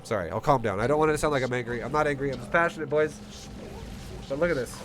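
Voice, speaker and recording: This man's voice is medium in pitch, fast and fairly bright, with a bit of hiss or hum and music in the background. Reviewing a StarCraft replay with a player on a casual stream, he's blunt, heated and constantly swearing, all while his nose runs.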